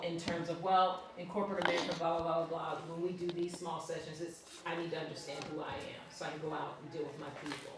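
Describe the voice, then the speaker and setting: A woman's voice: sits low, far from the mic, noisy background. Chatty woman speaking in an echoey room. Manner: chatty, laughs often, checks in with the audience. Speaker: workshop leader and ministry founder. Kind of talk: storytelling talk at a live workshop.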